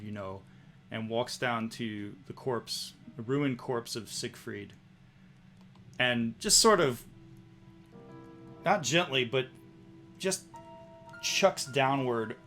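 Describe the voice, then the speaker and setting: A man narrating as game master, in a slow, hushed style with pauses. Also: mid-range voice.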